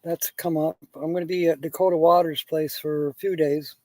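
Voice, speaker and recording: A man's voice: on the high side, fairly even intonation, normal speed, mellow, dry recording. A man hosting a live stream, rambling through casual chat and telling jokes while chuckling at them.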